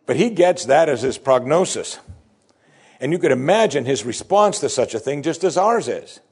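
A man preaching a sermon, reading scripture with rising emphasis and dropping low and soft to reflect on it. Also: expressive, normal speed, breathy edge. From United States. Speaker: pastor.

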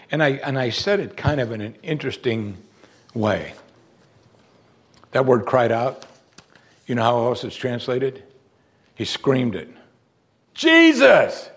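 A man preaching a sermon to his listeners. His delivery is animated, rising to loud, emphatic lines and then dropping to soft, hushed ones. His voice sits at an ordinary middle pitch.

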